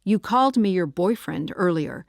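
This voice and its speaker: A woman audiobook reader voicing an earnest, gentle boyfriend with a resigned tone, barely shifting her own voice. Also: fairly low pitch, expressive, moderate pace, gravelly, no echo, clean studio sound.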